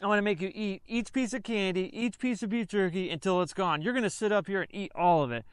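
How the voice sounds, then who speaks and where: A man voicing a stern male army drill sergeant who barks loud commands at recruits. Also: high-pitched, quick pace, clear, resonant tone, no room sound, clean studio sound, natural voice. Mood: barking orders.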